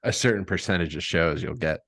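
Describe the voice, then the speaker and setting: A man hosting a casual podcast chat, relaxed and laughing often as he tells anecdotes. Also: sits low, brisk, no echo, studio quality. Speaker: podcast host.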